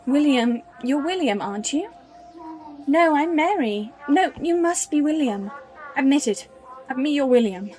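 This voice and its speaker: A woman's voice: high voice, lively intonation, unhurried, dark tone. A woman voicing a distraught grieving mother who pleads and insists, over faint music in a game. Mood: insistent.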